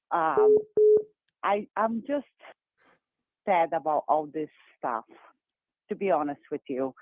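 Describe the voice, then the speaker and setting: A woman from Brazil with a Brazilian accent, calling in to a show and talking fast and emphatically. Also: fairly low pitch, dry recording. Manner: fast, excited, emphatic talker. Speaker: caller. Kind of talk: call-in phone chat. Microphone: telephone. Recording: tinny dry phone line.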